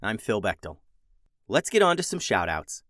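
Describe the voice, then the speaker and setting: A man hosting a children's podcast, narrating stories in a playful, animated way into a close, dry mic. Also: fairly low pitch, moderate pace, dry recording. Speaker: children's podcast host and storyteller. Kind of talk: storybook narration for kids.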